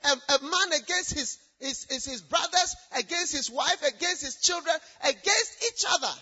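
A woman preacher delivering an emphatic sermon, repeating herself, swinging between loud shouted lines and hushed asides. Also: high voice, expressive, normal speed, highs cut off.

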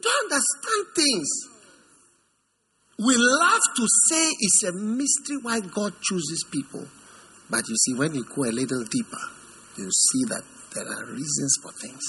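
A man preaching a sermon in an animated way. He acts out figures in put-on voices and swings between high mocking tones and low, intimate ones. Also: unhurried, a little hiss or hum.

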